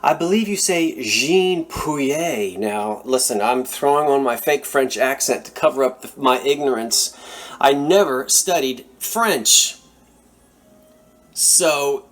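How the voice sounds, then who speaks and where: Enthusiastic man showing antiques. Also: a little high. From Philadelphia area. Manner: animated, enthusiastic, chatty asides. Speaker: antiques seller showing a thrift haul. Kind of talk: casual show-and-tell vlog.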